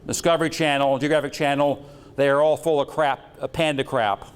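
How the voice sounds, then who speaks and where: A man's voice: fairly high pitch, fairly even intonation, a little fast, clean tone, in a large hall. A man giving a lecture with slides on metaphysics, talking in a rambling, jokey and irreverent way.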